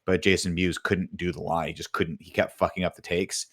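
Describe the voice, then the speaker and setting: A podcast co-host chimes in with behind-the-scenes trivia, talking in a relaxed, offhand way with the odd swear word. His voice is very low and he keeps up a brisk pace. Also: no room sound, studio quality. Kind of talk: casual movie review chat.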